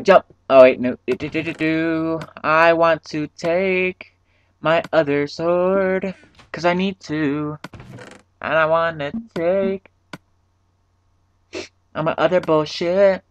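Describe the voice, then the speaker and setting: A man's voice: on the high side, fairly bright tone. A young man with a stuffy nose hosting a casual, profane let's-play, talking to himself and laughing. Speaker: gaming channel host. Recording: faint game music behind.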